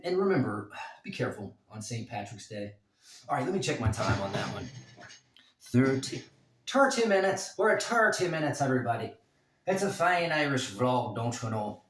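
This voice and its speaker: A man in his forties, a vlogger and former bouncer, telling a crude story at home in a rambling, casual way with many fillers. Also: mid-range voice. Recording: roomy, distant from mic.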